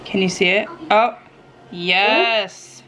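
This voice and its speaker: A woman filming a casual home vlog on a handheld camera in her kitchen, excitable and gushing, tumbling over her own exclamations. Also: medium pitch, extremely slow, rough recording. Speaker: vlogger.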